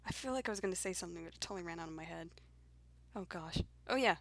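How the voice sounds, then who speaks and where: A woman's voice: on the low side, very fast, fairly bright tone, dry recording. A young woman hosting a casual podcast chat, playful and teasing, laughing often. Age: young adult. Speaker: podcast host.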